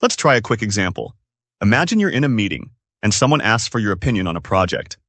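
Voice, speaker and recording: On a scripted English-learning podcast, this male co-host talks fast in a sing-song, upbeat way, his mid-range voice slightly bright and ranging widely in pitch as he offers tips. The recording is close and dry, with no room sound.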